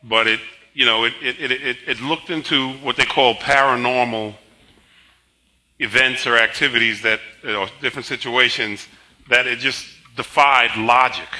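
Tired older pastor preaching, bright voice. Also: male voice, medium pitch, steady tone, poor audio. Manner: leads congregation in slow emphatic spoken confession; conversational storytelling between scripture. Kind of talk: sermon.

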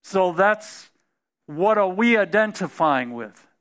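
A man's voice: sits high, expressive, slow, fairly bright tone, clean tone. A man preaching a sermon in a conversational way, often restarting phrases and building to emphatic peaks.

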